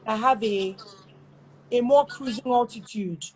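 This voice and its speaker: A woman with a Nigerian accent, chatting as an interview guest and telling lively stories with quick asides. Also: on the high side, slight background noise. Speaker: guest, show host. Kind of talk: casual interview chat.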